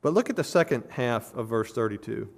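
A man preaching a sermon, teaching through a passage verse by verse with a measured delivery that rises to emphatic stress on key words. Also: mid-range voice, lively intonation, gravelly. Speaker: pastor. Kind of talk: expository sermon.

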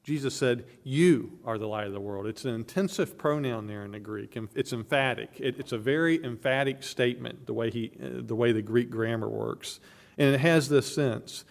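Male pastor, sermon, emphatic, repeats and restarts phrases, middle pitch. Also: moderate pace, vocal fry. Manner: emphatic preaching with frequent restarts.

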